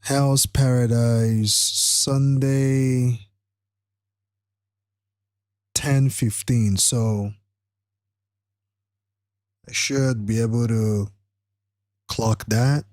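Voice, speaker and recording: Man, live-stream host, tired, slow unhurried talk, rambling with fillers, dry close sound. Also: mid-range voice, steady tone, darkish tone, dry recording. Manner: rambling, with frequent fillers and restarts. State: tired, struggling to stay awake. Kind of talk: casual live-stream chat.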